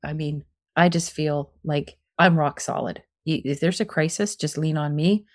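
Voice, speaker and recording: Low-voiced woman explaining parenting. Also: fairly even intonation, moderate pace. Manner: earnest, explanatory, many fillers. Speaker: guest, parenting expert. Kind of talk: conversational interview.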